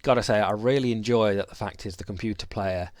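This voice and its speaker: A man's voice: fairly low pitch, quick pace, dry recording. A man giving casual commentary as he plays a strategy game, chatty and thinking aloud with many restarts.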